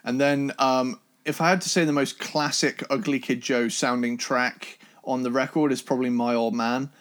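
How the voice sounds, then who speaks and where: A man's voice: medium pitch, steady tone, normal speed, a bit bright. Chatty man reviewing an album. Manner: enthusiastic, rambling with restarts and swearing. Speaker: podcast co-host. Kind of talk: casual music review chat.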